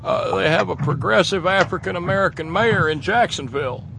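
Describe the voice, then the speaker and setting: A man's voice: sits high, fairly quick, gravelly, background noise. A man hosting a podcast in casual, teasing chat. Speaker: podcast host.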